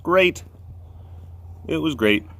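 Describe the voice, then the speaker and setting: Man, animal facility vlogger, casual, joking, unhurried, lively pitch. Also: gravelly, dry recording. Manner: playful, jokey asides to viewers and animals. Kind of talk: casual chat.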